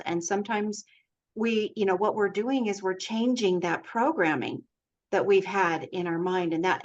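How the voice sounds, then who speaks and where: A woman's voice: mid-range voice, dull audio. A woman hosting a community call, encouraging and reflecting on a guest's story. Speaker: host.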